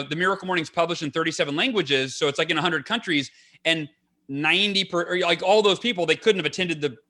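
A man with a bright, fairly high voice who talks as a podcast guest. He is earnest and eager, piles up fillers and restarts, and speeds through his points. The talk is casual and unscripted.

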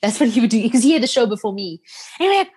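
A woman's voice: fairly high pitch, very fast, breathy edge. A South African woman from Durban, a radio presenter, telling heartfelt stories in an interview and acting out the quotes. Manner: heartfelt, animated retelling with acted-out quotes. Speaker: radio presenter, podcast guest. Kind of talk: emotional interview storytelling.

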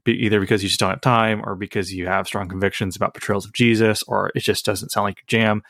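A man's voice: lowish voice, flat delivery, fast talker, fairly bright tone, no room sound, studio quality. A young man co-hosting a podcast in casual, rambling chat, full of fillers. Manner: rambling, filler-heavy, frequent "like". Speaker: podcast co-host.

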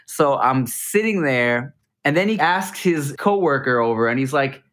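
A man telling a comic travel anecdote, animated and acting out the dialogue. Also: mid-range voice, unhurried. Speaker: guest storyteller.

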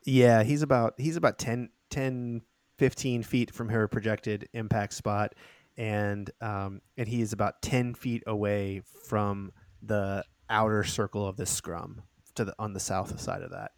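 A man narrating as game master of a tabletop role-playing game, chatty, laughing and giving the side characters quick voices. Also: fairly low pitch, steady tone, dry recording.

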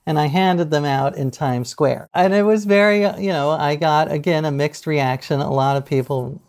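A middle-aged man telling anecdotes as a podcast guest, animated, laughing easily and acting out what people said. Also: on the high side, normal speed. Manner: animated storyteller, laughs often, acts out quotes. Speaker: guest author. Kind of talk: casual podcast interview.

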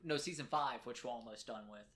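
A man's voice: medium pitch, a little fast. Man, podcast co-host, casual chat, teasing, playful, mid-range voice. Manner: playful, teasing, gets excited about anime.

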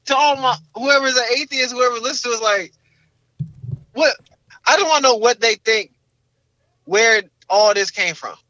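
High-pitched young man, slangy and animated. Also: moderate pace, pauses often, dry recording, dull audio. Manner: animated, slangy, repeats filler words. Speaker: podcast co-host. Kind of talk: casual podcast chat.

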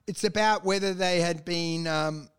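A man's voice: sits high, steady tone, unhurried, a bit bright, clean tone. A man co-hosting a casual comedic chat, crude and mock-outraged as he rambles.

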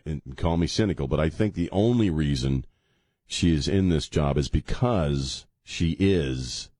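A man's voice: very deep voice, a little slow, darkish tone, dry recording. A man hosting a talk radio show in a studio, rambling and sarcastic, mocking the people he talks about. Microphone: studio microphone.

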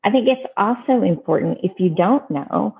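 A woman's voice: mid-range voice, animated, moderate pace, gravelly, breathy edge. A woman giving earnest, plainspoken advice in casual talk, often restarting her sentences. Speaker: adoption advice guest. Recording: phone-like narrow band.

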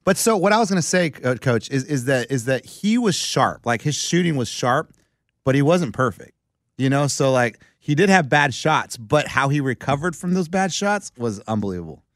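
Excitable young man telling a story. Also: medium pitch, moderate pace, no echo, clean studio sound. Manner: excitable, rambling, says "dude" and "like" often. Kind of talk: casual storytelling chat.

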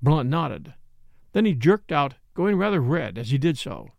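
Man reading a novel out loud, gravelly voice, lively pitch, dry close sound. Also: no room sound. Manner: measured, expressive reading. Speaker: audiobook reader. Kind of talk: scripted narration.

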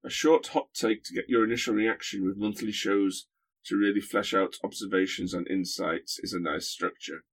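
A man's voice: lowish voice, steady tone, normal speed. A man guest-hosting a podcast, chatting with dry humour and lots of hesitations. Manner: hesitant, dry humorous, many fillers. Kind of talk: casual podcast chat.

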